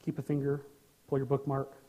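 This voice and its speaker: A middle-aged man preaching a sermon as pastor, animated and joking, with sudden loud bursts. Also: mid-range voice, a little fast.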